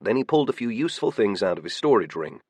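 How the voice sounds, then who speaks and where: Low-voiced man narrating an audiobook. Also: breathy edge, dry recording. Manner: steady, measured storytelling.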